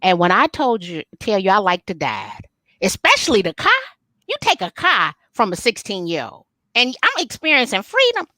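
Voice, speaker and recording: A middle-aged woman, an interview guest, telling family stories candidly and acting out the dialogue with lively, folksy humor. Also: medium pitch, moderate pace, no echo. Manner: animated, folksy storyteller who acts out family dialogue. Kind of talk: candid storytelling in a live interview.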